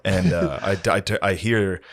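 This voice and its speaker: Animated man telling a story, lowish voice. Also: unhurried. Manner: animated, swears freely, acts out quoted voices high. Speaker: podcast co-host. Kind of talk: casual storytelling chat.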